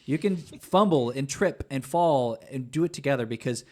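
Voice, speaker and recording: Calm man giving practical advice. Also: medium pitch. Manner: measured, gives calm practical tips. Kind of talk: conversational podcast interview.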